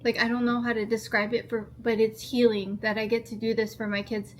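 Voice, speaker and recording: Chatty earnest woman vlogger, slightly high. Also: flat delivery, brisk, a little hiss or hum. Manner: rambling, earnest, heavy use of "like". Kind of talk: casual chat to camera. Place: at home.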